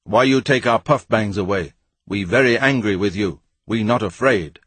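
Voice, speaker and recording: A man's voice: mid-range voice, very animated, takes it slowly, husky, no echo, full character voice. A man voicing a pompous, blustering male scientist who barks broken pidgin at the locals in a storybook reading. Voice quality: loud, barking, condescending.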